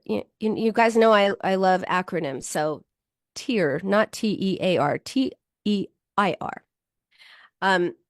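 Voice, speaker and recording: A middle-aged woman gives self-help advice in an animated, chatty way, her voice leaping up and down as she acts out harsh inner voices. It sounds dry and close, with no room echo. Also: mid-range voice. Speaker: psychologist and show host. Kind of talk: self-help talk to viewers.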